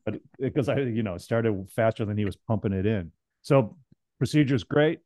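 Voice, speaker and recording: A man spins a story in loose podcast chat, swearing freely and slipping into other people's voices as he goes. His tone is mellow and relaxed. The sound is dry and close. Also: on the low side, normal speed, no room sound. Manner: animated, swears, acts out other people's lines. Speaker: podcast guest telling a story.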